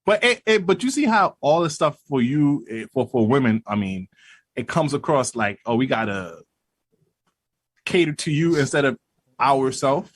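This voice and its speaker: A man's voice: medium pitch, sing-song, normal speed, dry recording. Argumentative man on a dry-sounding podcast. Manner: argumentative, stammers repeated words when jumping in. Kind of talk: casual podcast chat.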